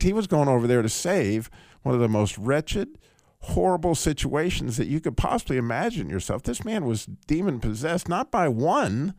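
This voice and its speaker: A man hosting a radio call-in show, teaching through a Bible passage in a casual, animated way. He laughs often and restarts his sentences. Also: on the high side, no room sound, studio quality.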